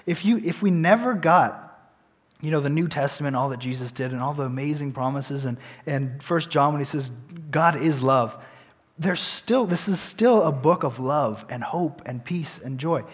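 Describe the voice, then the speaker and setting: A man's voice: a little high, long reverb tail. A young man talking casually and earnestly about faith, reading scripture aloud and telling a personal story, with frequent restarts and fillers.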